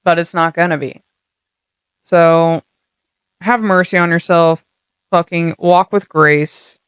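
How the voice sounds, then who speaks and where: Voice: mid-range voice, fairly even intonation, slow pace, fairly bright tone, clean tone, no echo, clean studio sound. A young adult podcast host giving a casual motivational monologue, blunt and heavily profane, full of streetwise slang.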